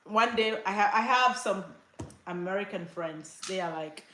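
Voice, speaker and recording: Animated middle-aged woman from Africa. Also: medium pitch, normal speed, a little hiss or hum. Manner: animated, laughs often, many fillers. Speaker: lifestyle livestream host. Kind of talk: casual storytelling on a livestream. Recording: roomy echo.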